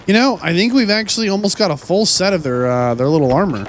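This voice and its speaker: A let's play host commentates on his gameplay, often launching into mock-outraged, theatrical tirades against enemies. He sounds a little high-pitched and animated, speaking at normal speed over background noise.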